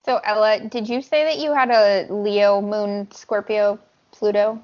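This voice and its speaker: A woman's voice: mid-range voice, fairly even intonation, measured pace, muffled recording. Chatty woman podcast co-host with music behind. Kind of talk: casual chat.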